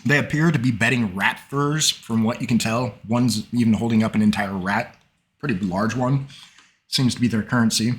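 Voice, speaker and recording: A man with a cough narrating a tabletop game as game master, halting, with many fillers. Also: medium pitch. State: coughing, sore throat. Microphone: desk mic, online session.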